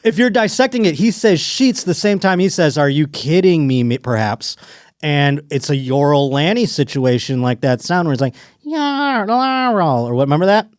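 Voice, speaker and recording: A man hosting a comedic podcast alone, riffing in an animated, profane way and slipping into mock voices. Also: fairly high pitch, moderate pace, dry recording, studio quality. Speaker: podcast host.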